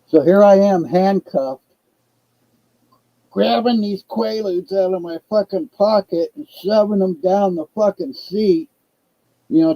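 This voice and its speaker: A man's voice: high-pitched, dry recording, highs cut off. An older man telling a long casual story, profane and rambling. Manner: profane, rambling, laid-back.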